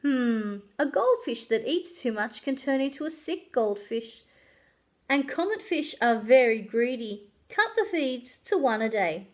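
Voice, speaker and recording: Storybook uncle, matter-of-fact advice giver, read by a woman, lively delivery. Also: extremely high pitch, measured pace, exaggerated voice. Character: helpful adult uncle who knows fish.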